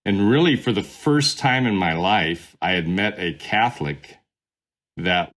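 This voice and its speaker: Middle-aged man, low register, loose conversational storyteller who circles back and restarts. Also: measured pace, a bit bright. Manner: rambling, many fillers and restarts. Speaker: podcast guest, former pastor. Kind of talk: casual storytelling interview.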